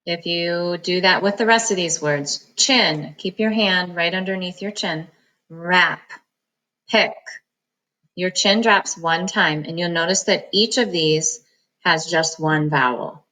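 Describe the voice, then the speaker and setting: A woman teaching a reading lesson, sounding out words slowly, syllable by syllable, for students. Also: fairly low pitch, sharp tone, poor audio. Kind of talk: phonics lesson.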